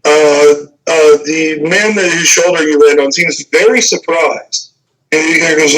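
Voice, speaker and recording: A man narrating as game master, halting, with many fillers. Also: fairly high pitch, steady tone, fairly bright tone, low-quality recording.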